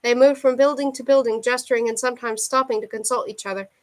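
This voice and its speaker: A woman narrating a thriller novel aloud, her voice sitting on the higher side. She reads in an even, steady way as an audiobook narrator. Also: fast. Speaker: audiobook reader.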